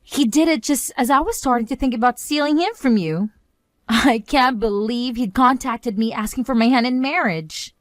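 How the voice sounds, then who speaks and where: A woman's voice: on the high side, normal speed, dry recording, studio quality, lightly acted. A woman playing a scheming younger sister who taunts with smug cheer, in a narrated story drama.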